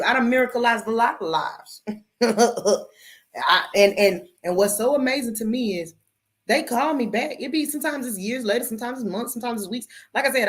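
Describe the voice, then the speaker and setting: Sassy, blunt woman hosting a live stream. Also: mid-range voice. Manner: sassy, blunt and swearing, calls listeners baby. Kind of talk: casual live-stream talk.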